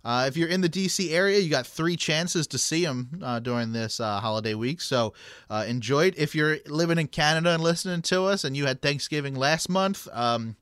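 A man co-hosting a sports podcast in casual chat, talkative and quick to laugh, often restarting his sentences. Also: fairly high pitch, a bit bright, clean tone, no echo, clean studio sound. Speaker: podcast co-host.

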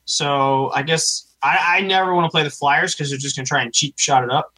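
A man's voice: a little high, steady tone, fairly quick, bright, forceful tone, rough recording. A man co-hosting a casual sports podcast, giving opinions with lots of hesitation and restarts. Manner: hesitant, many fillers and restarts. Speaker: podcast co-host.

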